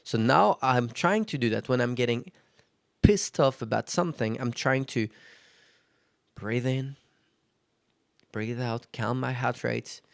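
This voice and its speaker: Gravelly-voiced man hosting a solo podcast. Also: medium pitch, measured pace, pauses often, no echo, studio quality. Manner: conversational, self-reflective, frequent fillers. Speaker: podcast host. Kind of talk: casual solo podcast monologue.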